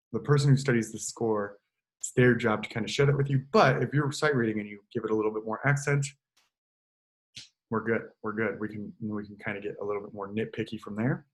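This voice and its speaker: A man with a fairly low voice, speaking fairly quickly, gives an online choral lesson as a choir director. His style is relaxed and explanatory, with occasional short sung examples delivered into a computer mic.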